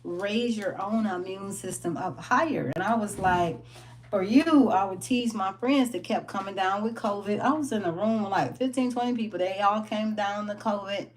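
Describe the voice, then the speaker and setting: A woman giving a casual motivational wellness talk, animated and full of laughter as she acts out stories. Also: mid-range voice, normal speed. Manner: animated storytelling, laughs often, acts out quotes. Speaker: wellness business owner.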